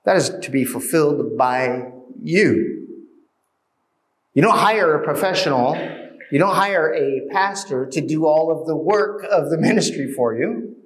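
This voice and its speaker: A man's voice: fairly high pitch, expressive, measured pace. Earnest man preaching a sermon. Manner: earnest, exhorting with rhetorical questions. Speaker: pastor.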